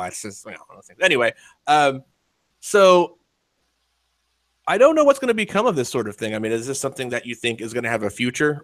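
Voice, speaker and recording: A man's voice: mid-range voice, a bit bright, no room sound. A man hosting a casual podcast chat, rambling and profane, laughing often as he talks. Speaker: podcast host.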